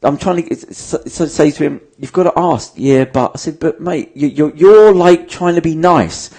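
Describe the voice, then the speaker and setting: A man's voice: fairly high pitch, normal speed, a little mellow. A man, a podcast host in casual chat, giving emphatic, sweary advice and acting out bits of dialogue.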